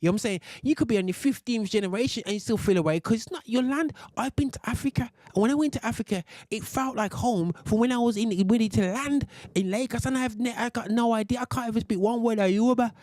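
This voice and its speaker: British male host, dark dry voice, heated rant with restarts. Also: fast, few pauses, no room sound. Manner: ranting, many restarts, sudden high exclamations. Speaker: radio show host. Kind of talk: heated commentary on a video.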